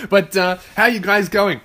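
A man in his twenties with an Australian accent hosts a solo podcast from his own bedroom. His voice sits a bit higher than most men's, and he swears constantly. He rants in loud, fired-up bursts. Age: 20s. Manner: profane, ranting, loud outbursts. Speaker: podcast host. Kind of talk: casual solo podcast rant.

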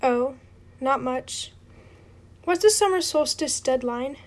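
A woman's voice: high voice, takes it slowly. A woman reading a storybook aloud and voicing a blunt, suspicious teenage boy. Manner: blunt, slightly sarcastic.

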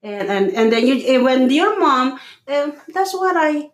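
Earnest mother, halting and echoey. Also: high voice, lively intonation. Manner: earnest, halting, restarts, soft tender asides. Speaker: mother sharing parenting views. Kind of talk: casual conversation.

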